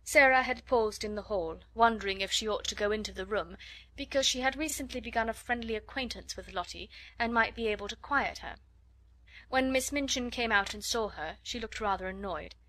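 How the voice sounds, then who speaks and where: A woman narrating a classic storybook in an expressive, measured reading. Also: fairly high pitch, dry recording.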